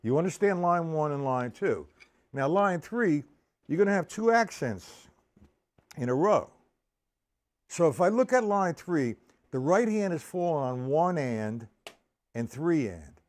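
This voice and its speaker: A man's voice: on the high side, lively intonation, unhurried, pauses often, darkish tone. A man teaching a drum lesson on a live stream, counting the beats aloud and explaining each stroke step by step.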